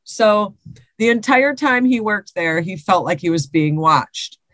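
A woman's voice: mid-range voice, animated, unhurried, fairly bright tone, dry recording. A woman co-hosting a podcast, chatting casually and reading listener stories aloud with laughs and swearing. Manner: laughing, swearing, repeats herself.

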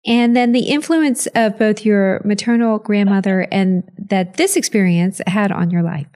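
A woman's voice: medium pitch, steady tone, moderate pace, darkish tone. A woman hosting an interview, asking questions and affirming her guest attentively. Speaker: interview host. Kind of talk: conversational interview.

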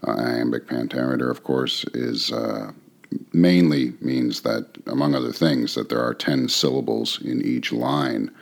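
A man giving relaxed, conversational commentary on a play, with frequent fillers and the odd chuckle. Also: a bass voice, measured pace, gravelly. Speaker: literature commentator. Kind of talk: casual spoken commentary on a play.

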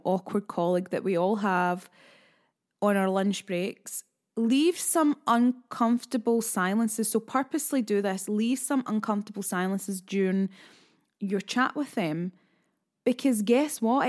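A Scottish woman hosts a self-help podcast and talks straight to her listeners. She is frank and chatty and throws in sassy asides. Her voice sits at a middle pitch. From Scotland. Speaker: podcast host and coach.

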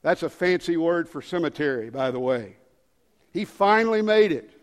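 A man in his fifties preaching a sermon, swinging from loud dramatic calls to hushed low lines. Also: animated, normal speed. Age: 50s. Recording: long hall reverb.

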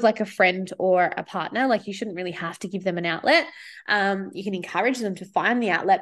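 A woman talking casually in a studio as a spiritual podcast host, chatty and swearing freely as she acts out inner voices. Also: mid-range voice. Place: studio with windows.

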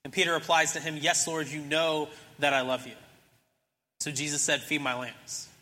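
Young male pastor with a bright, ringing voice. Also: a little high, level tone, moderate pace, long reverb tail. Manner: casual storytelling, acting out characters in the story. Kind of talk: sermon.

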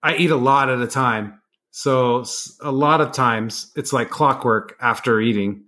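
A man's voice: medium pitch, a little slow, bright, forceful tone. Matter-of-fact man in his forties. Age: 40s. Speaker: guest. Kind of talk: casual interview chat.

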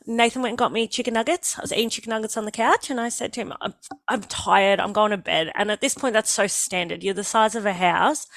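A young woman with an Australian accent tells her story in a lively, joking way. She acts out the lines of the people in it as she goes. The sound is dry and close. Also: fairly high pitch, fast talker, hardly any pauses, no echo. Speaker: guest telling her birth story. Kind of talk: casual storytelling.

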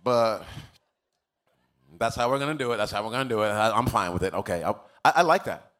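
A man's voice: fairly low pitch, expressive, brisk, a bit bright. A man preaching a sermon as pastor, telling stories casually and building to emphatic preaching.

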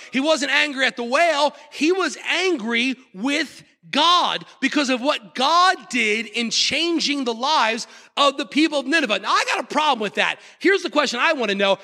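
A man, a pastor, preaching a sermon and telling the story in a lively way, often asking the congregation for an amen. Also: extremely high pitch, big-room sound.

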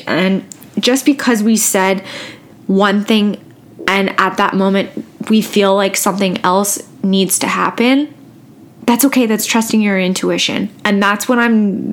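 A woman hosting her own podcast, talking casually and emotionally, halting and restarting as she holds back tears. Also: mid-range voice. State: close to tears. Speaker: podcast host. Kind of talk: casual solo podcast talk.

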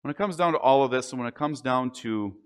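A man preaching a sermon, earnest and deliberate, slowing down on the key phrases. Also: medium pitch, smooth. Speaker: pastor.

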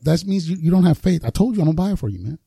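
A man's voice: fairly high pitch, expressive, very fast, creaky, dark tone, breathy edge, no echo, clean studio sound. A man co-hosting a casual podcast, talking slangy, calling people bro and acting out quotes from his son. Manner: slangy, acts out quotes with laughs. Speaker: podcast co-host. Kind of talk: casual faith chat.

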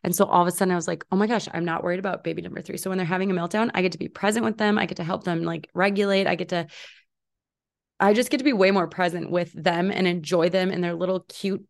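A woman in her thirties talks through her solo podcast in a chatty, upbeat way. Her voice sits a little low and has a gravelly, vocal-fry texture. She fills her talk with asides and little quoted remarks. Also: fairly even intonation, fast. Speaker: podcast host. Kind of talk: casual solo podcast chat.

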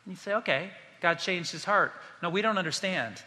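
A man's voice: high voice, a little fast, sharp tone, big-room sound. A man preaching a sermon as pastor, speaking passionately and addressing the congregation directly.

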